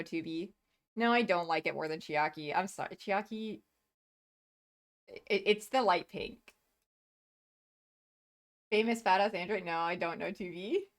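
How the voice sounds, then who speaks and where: Woman streamer just chatting, gushes over stuff, stumbles and restarts a lot, laughs easy. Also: on the low side. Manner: gushing, rambling, quick to laugh, frequent restarts. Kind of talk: casual live-stream chat.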